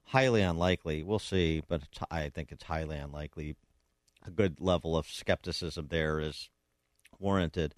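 A man's voice: rumbling low, normal speed, no echo, studio quality. A man hosting a political talk radio show, speaking emphatically and combatively with frequent restarts.

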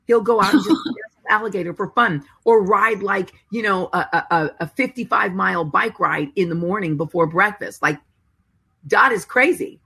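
Female co-host, husky, animated casual storytelling. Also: medium pitch, normal speed. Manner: animated storyteller quoting others. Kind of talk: casual chat, retelling a story.

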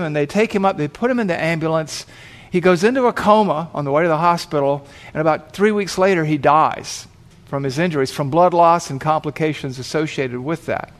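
Pastor guy telling a dramatic story in a sermon, voice a bit on the high side.

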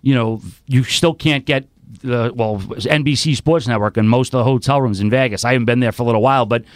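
A man's voice: medium pitch, quick pace, no room sound, studio quality. A man hosting a podcast, chatting casually about sports in a rambling way with many restarts. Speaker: podcast host.

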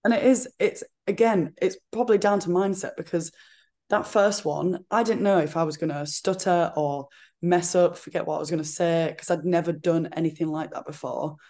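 A woman with a regional accent, a fitness coach chatting as a podcast guest, talking in an animated way with lots of "like". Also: lowish voice, moderate pace. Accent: regional accent she calls her own. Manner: chatty, frequent "like" fillers, animated retelling. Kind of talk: casual interview chat.

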